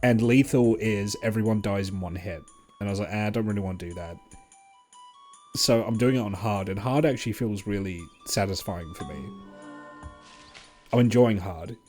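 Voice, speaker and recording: A young man with a fairly low voice rambles through casual stream chatter, excitable and loose, with occasional swearing. Faint music plays beneath him throughout. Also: moderate pace. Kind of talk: casual gameplay chat.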